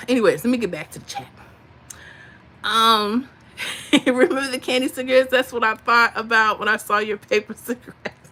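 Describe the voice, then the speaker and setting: Middle-aged woman, live-stream host; bright, higher-set voice, chatty and animated, laughs a lot. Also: normal speed, pauses often, a little hiss or hum. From Florida. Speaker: livestream host. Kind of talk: casual live-stream chat with storytelling.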